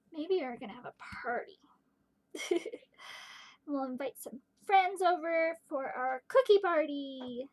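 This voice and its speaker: High-pitched lady teaching kindergarten from home, slow and playful, lots of questions for the kids. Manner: gentle, playful, talks to children and asks them questions. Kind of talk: distance-learning lesson for young children.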